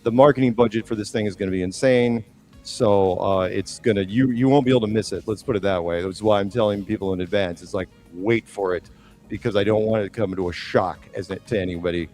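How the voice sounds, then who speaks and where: A man co-hosting a podcast, telling a long story in a rambling, animated way with lots of restarts. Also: on the low side. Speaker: podcast co-host. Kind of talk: casual storytelling chat.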